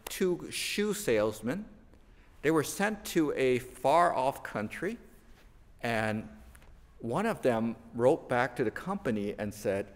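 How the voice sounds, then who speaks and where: Male pastor, mid-pitched, slow, storytelling sermon delivery, church hall reverb. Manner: unhurried storytelling, voices the quoted people. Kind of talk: sermon with humorous stories. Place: church sanctuary.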